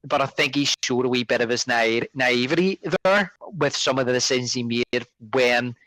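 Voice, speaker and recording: A man's voice: mid-range voice, normal speed, a bit bright, no echo, rough recording. A man co-hosting a podcast, chatting casually about a film with rambling restarts and fillers. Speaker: podcast co-host. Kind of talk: casual film review chat.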